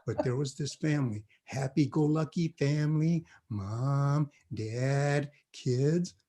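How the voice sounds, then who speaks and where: A man voicing a deadpan father who tells a spooky campfire tale in a low, hushed, drawn-out voice.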